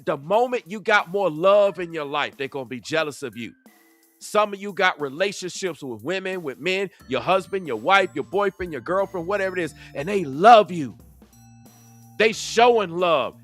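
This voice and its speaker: A man's voice: high-pitched, lively intonation, normal speed, fairly bright tone, dry recording, soft background music. A man hosting a livestream commentary, preachy and emphatic, stretching words out in a sing-song way. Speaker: commentary channel host.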